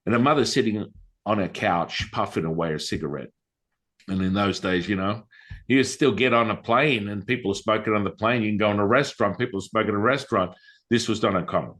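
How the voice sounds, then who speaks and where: A man's voice: fairly low pitch, brisk. A man, a guest on a podcast, telling a story in a casual, emphatic way and acting out the voices of the people in it. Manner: animated, acts out quoted voices; conversational, emphatic. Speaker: podcast guest, Taoist master and healer.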